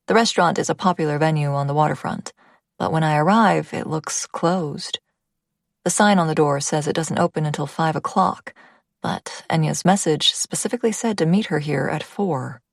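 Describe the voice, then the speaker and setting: A woman's voice: sits low, vocal fry, dry recording, clean studio sound. A woman reading a first-person audiobook, intimate in tone and dropping to a whisper at tense moments. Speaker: audiobook narrator.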